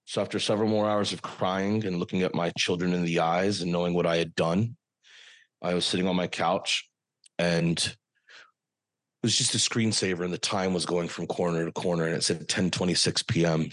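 A man speaking as a podcast guest, telling a personal story in an earnest, halting way with frequent pauses. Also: low-pitched, fairly bright tone, dry recording.

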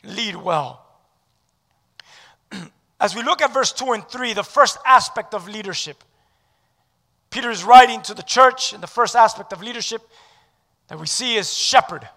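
A man preaching a sermon as pastor, emphatic and swinging from loud declarations to hushed lines, calling on the congregation to repeat after him. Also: sits high, long reverb tail. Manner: leads the audience in call-and-response.

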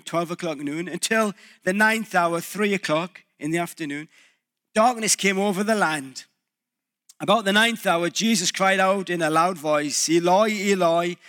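A male pastor preaching a reflective sermon, pausing and restarting as he thinks aloud. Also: high voice, pushed and bright.

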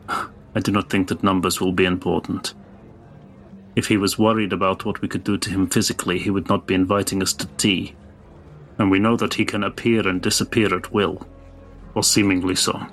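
A man playing a tabletop game, speaking calmly and bluntly in and out of character. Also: sits low. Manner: calm, deliberate and blunt in character. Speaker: player. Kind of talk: tabletop role-play, in and out of character.

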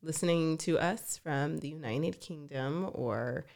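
A woman's voice: low-pitched, measured pace, creaky, a little mellow. A woman co-hosting a relationship podcast, welcoming listeners and steering the conversation with questions. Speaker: podcast co-host.

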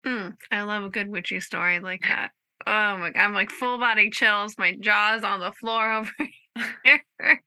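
A woman's voice: mid-range voice, fairly even intonation, unhurried, pushed and bright, clean tone, no echo. A woman hosting a podcast, chatting casually and gushing with enthusiasm. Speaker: podcast host.

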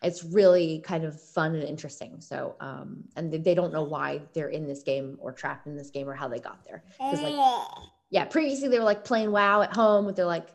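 A woman's voice: low-pitched, normal speed, gravelly. A woman chatting casually as a podcast guest, rambling with many fillers like "like" and "um". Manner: chatty, lots of likes and ums. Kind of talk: casual chat.

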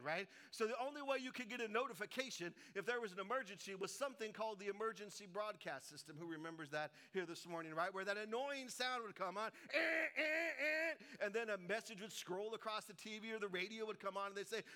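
A man's voice: high-pitched, fast talker, hardly any pauses. A middle-aged man from Colorado preaching a sermon, telling stories with humor and acted-out voices. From Colorado, United States. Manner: animated storytelling with humor and voices. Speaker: pastor.

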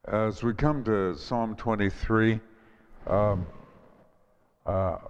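Slow, smooth-voiced male pastor preaching. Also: on the low side. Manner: gentle, prayerful delivery with frequent ums and restarts. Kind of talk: sermon. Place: church. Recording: dull, reverberant hall recording.

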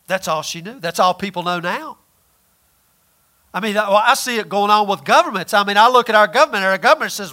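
High, bright-voiced man preaching. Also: brisk. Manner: folksy and emphatic, swings between loud and quiet. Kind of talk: sermon.

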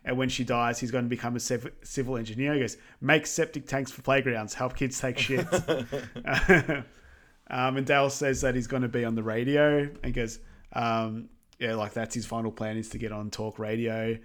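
A man's voice: medium pitch, fairly even intonation, normal speed, a bit bright. A man co-hosting a podcast, recapping a film in a rambling, casual way with frequent ums and easy laughs. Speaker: podcast co-host. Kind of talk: casual movie recap chat.

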